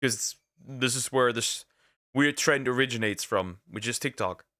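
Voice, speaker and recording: A man's voice: medium pitch, unhurried, pushed and bright, dry recording, clean studio sound. A man giving casual reaction commentary, rambling, repeating himself and restarting his sentences often. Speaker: reaction streamer.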